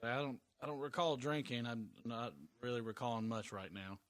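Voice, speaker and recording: A man playing a tabletop game, thinking aloud in a measured, hesitant way. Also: mid-range voice, fairly bright tone. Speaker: player.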